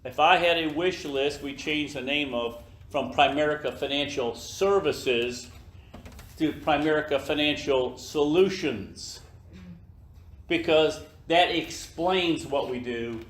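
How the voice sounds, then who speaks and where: Slow, emphatic older man in an echoey room. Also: on the high side, a bit bright. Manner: slow, emphatic, acts out skits in other voices. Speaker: business leader speaking to his team. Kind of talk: motivational talk to a room. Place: office meeting room.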